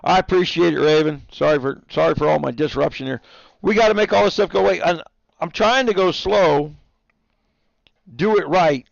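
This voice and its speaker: Gravelly-voiced man chatting on stream. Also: on the high side, moderate pace, no room sound, highs cut off. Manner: rambling storyteller, chuckling, talks to his dogs. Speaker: livestreamer. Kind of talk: casual stream chat.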